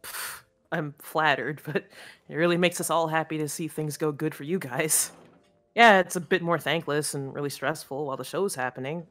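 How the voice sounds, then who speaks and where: A man's voice: fairly high pitch, steady tone, normal speed, a bit bright, natural voice. An actor playing a friendly young male stagehand who chats eagerly and casually.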